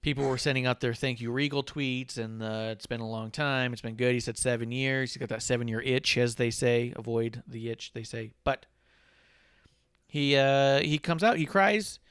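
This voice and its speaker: A man's voice: medium pitch, normal speed, smooth, dry recording, studio quality. A man co-hosting a casual wrestling podcast, retelling events and acting out what people said. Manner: animated storyteller, mimics people mid-story. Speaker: podcast co-host.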